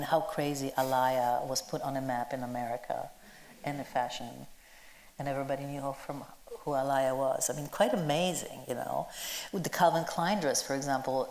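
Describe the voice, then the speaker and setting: This costume designer speaks in a deep bass voice with a slightly mellow quality. She's being interviewed onstage in an event hall with an audience watching, talking eagerly and chattily with plenty of fillers. The recording carries a spacious hall echo.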